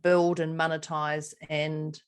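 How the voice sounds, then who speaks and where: A middle-aged woman, co-hosting a podcast in casual chat, a lively storyteller who laughs often. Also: deep voice, takes it slowly, clean tone. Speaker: podcast co-host.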